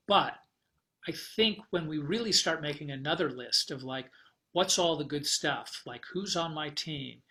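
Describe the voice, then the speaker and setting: A man with a fairly high, bright and forceful voice, speaking as a podcast guest. He tells a long personal travel story in a loose, animated way. He often restarts sentences and fills pauses with "uh" and "like.". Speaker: guest, travel writer and publisher. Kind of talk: casual storytelling interview.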